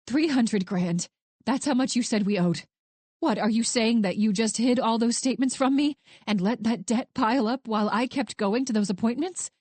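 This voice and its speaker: A woman voicing an angry, frightened adult woman confronting her husband, sharp-edged and raw. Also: a little high, animated, unhurried, long pauses, slightly rough, no room sound. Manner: sharp, rising and then breaking.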